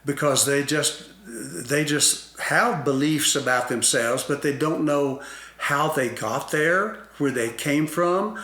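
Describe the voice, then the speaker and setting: A man explaining ideas about self-concept in a slow, deliberate talk-show conversation, with many fillers and restarts. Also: a little high, bright, forceful tone, echoey room. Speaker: guest expert on self-concept.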